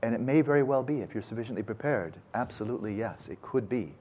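Husky-voiced male meditation teacher. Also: mid-range voice, quick pace. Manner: folksy, animated storytelling with casual asides. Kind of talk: dharma talk to retreatants. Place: meditation retreat.

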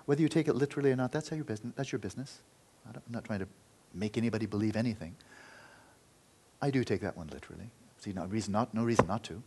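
A man giving a Buddhist dharma talk, telling a story in an earnest, loose way that often falls quiet. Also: lowish voice, rapid-fire, a little hiss or hum. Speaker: Buddhist teacher.

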